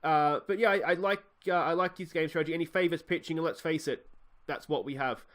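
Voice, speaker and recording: Australian male let's play host, slightly high voice, relaxed rambling delivery. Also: a little fast. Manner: chatty, lots of "uh" and "mate". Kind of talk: casual game commentary.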